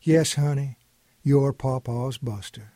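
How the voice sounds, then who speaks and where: A man's voice: mid-range voice, slow, mellow, no room sound, natural voice. A man putting on a folksy old grandpa. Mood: coaxing. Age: older. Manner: folksy, coaxing drawl. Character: patient, gently teasing old grandfather.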